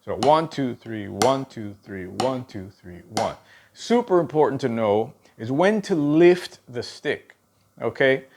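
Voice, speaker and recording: Casual, chatty male drum teacher. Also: mid-range voice. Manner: casual, checks in with frequent "okay?" asides. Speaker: drum instructor. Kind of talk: spoken drum lesson with demonstrations.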